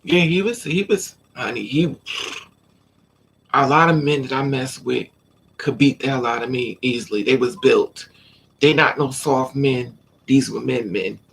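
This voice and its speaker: A woman's voice: extremely low pitch, unhurried, creaky, husky. A woman vlogger telling stories in a casual livestream chat and talking straight to her viewers. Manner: chatty storytelling, addresses viewers directly.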